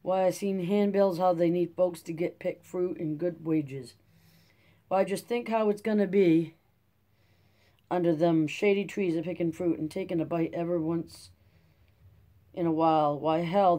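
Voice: medium pitch, steady tone, a little slow, warm tone, lightly acted. A reader voicing a rambling old Dust Bowl farmer. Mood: hopeful. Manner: rambling folksy drawl. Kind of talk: audiobook character reading.

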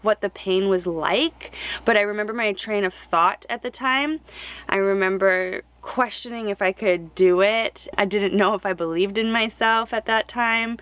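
Young woman, vlogger, heartfelt story to camera, dry close sound, mid pitch. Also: a bit bright, no room sound. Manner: emotional, heartfelt, close to tears. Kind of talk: personal story told to camera.

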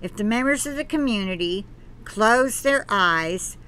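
A woman's voice: medium pitch, animated, a bit bright, a little hiss or hum. A woman hosting her own channel, reading an article aloud and breaking off into earnest, preachy comments. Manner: earnest, preachy asides between read passages; halting, with restarts. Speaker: channel host.

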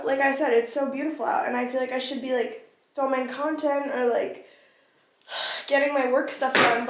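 A young woman vlogging casually at home, talking to a handheld camera in a rambling, self-deprecating, anxious way. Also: fairly high pitch. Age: young adult. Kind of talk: casual vlog chat. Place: home, indoors.

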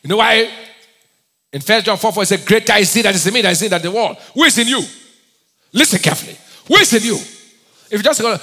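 High, lively Nigerian preacher. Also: male voice, fast talker, slightly rough, in a large hall. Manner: call-and-response preaching, firing questions at the congregation; breaks into sudden shouts and laughs. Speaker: pastor. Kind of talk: sermon.

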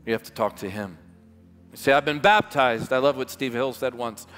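A man preaching a revival sermon as pastor, impassioned and emphatic, stretching key words slowly for weight, recorded live in a large church. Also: medium pitch, soft background music. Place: large church hall with music behind. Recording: live church hall reverb.

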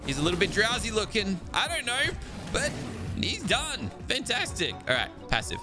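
A young man giving excitable let's-play commentary as he plays a survival game, chatting to his tamed creatures and breaking into exasperated outbursts. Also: fairly high pitch, brisk. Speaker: gaming video host. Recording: game music playing behind.

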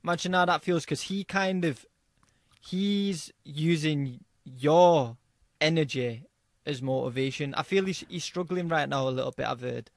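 Relaxed male podcast host. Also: fairly high pitch, unhurried, gravelly, dry recording. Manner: relaxed, encouraging, swears casually. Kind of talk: casual interview chat.

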